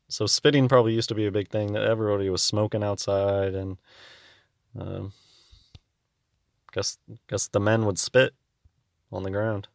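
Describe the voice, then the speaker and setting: A man's voice: lowish voice, flat delivery, normal speed, vocal fry, pauses often, no echo, studio quality. A young man casually musing over old newspaper clippings, sometimes reading them aloud in a rambling way. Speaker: video host.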